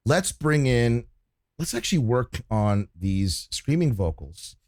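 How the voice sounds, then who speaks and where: A man's voice: mid-range voice, expressive, a little slow, darkish tone, no room sound. A man casually talking through his mixing work on a livestream, swearing freely as he explains each step. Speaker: mixing engineer teaching on a livestream.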